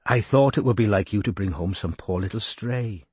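A deep, coaxing Welsh woman with a husky, soft-spoken voice, as a male audiobook narrator puts her on. She sounds gentle and persuasive, pitched a little low, recorded close and dry. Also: normal speed, dry recording.

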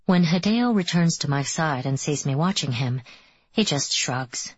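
Female audiobook narrator, low husky voice, measured storytelling, dull dry recording. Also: lively intonation, no room sound. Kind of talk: first-person scripted audiobook narration.

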